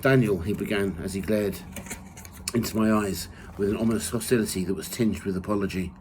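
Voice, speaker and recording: A man reading from his own memoir in the first person, measured and steady. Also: lowish voice, a little hiss or hum, low-quality recording. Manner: measured reading, rising loud for quoted shouts.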